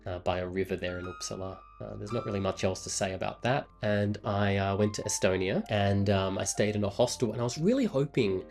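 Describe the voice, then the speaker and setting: A man's voice: lowish voice, a little fast, gravelly, few pauses, darkish tone, soft background music. A man in his twenties from Australia, with an Australian accent, telling a travel story in a rambling, casual way full of fillers and self-corrections. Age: 20s. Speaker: vlogger.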